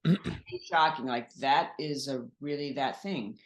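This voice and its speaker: A woman from Michigan chatting as a guest on an interview show, lively and halting as she hunts for words. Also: rumbling low. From Michigan, USA. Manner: animated, stops and restarts while searching for words. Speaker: guest actress. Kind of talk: casual interview chat. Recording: roomy echo.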